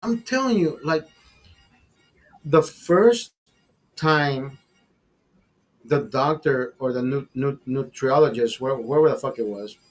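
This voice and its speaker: A man hosting a casual podcast, telling a long profane story in a rambling, animated way. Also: medium pitch, slow pace, pauses often. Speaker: podcast host.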